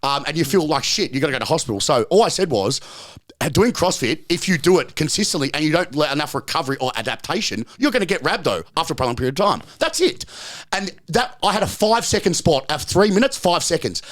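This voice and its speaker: A man chats as a podcast guest, brash, boastful and quick to swear and joke. He talks fast, with his pitch bouncing all over, and sits slightly high for a man. He is right up on the microphone in a podcast studio. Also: sing-song, a bit bright. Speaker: podcast guest, strength coach. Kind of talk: casual podcast chat. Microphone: very close to the microphone.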